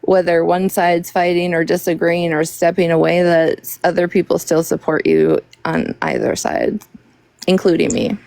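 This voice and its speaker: A woman's voice: on the low side, animated, normal speed, gravelly, darkish tone, dry recording, rough recording. A woman talking bluntly in a casual group chat, outspoken and swearing.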